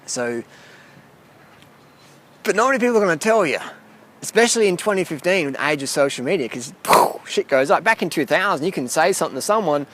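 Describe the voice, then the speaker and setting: A cycling vlogger stands outside by a boat, ranting casually to camera in a blunt, rambling, foul-mouthed way. He speaks a little fast in a slightly high, a bit bright voice with lively intonation.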